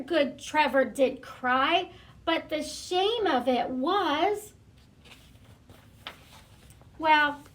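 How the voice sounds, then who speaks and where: A woman librarian reads a picture book aloud to young children in a gentle, hesitant way. Her voice sits high and she takes her time. Small fillers dot her speech between phrases. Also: extremely slow. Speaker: school librarian.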